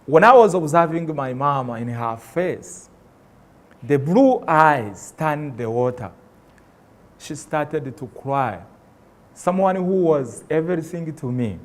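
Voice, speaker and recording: A man tells an emotional life story on stage as a motivational speaker. He speaks slowly and deliberately in a slightly raised voice, acting out the voices in the story. He swings between loud bursts and hushed lines. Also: on the high side, lively intonation. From Rwanda. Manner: impassioned, acts out dialogue, swings loud and soft. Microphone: stage microphone.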